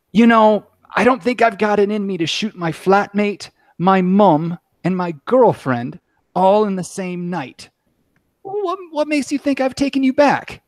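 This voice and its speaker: A man's voice: high voice, no room sound, clean studio sound, voice pushed up. A man putting on an English accent to act out a young man in a film scene, delivered as a mock-dramatic quote.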